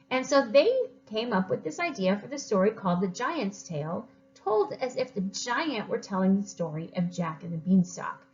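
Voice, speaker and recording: A woman teacher reading a story aloud to children, expressive and encouraging. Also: medium pitch, muffled recording.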